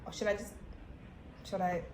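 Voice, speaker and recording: A woman's voice: mid-range voice, normal speed, a little hiss or hum. Chatty South African woman, roomy sound. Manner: animated, chatty, many fillers and restarts, laughing through the story. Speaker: YouTuber. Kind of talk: storytime vlog. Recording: echoey room.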